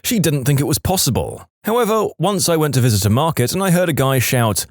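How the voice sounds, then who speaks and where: Lively man narrating stories, dry sound. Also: medium pitch, dry recording. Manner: lively, puts on quick voices for quotes. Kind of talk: storytime narration.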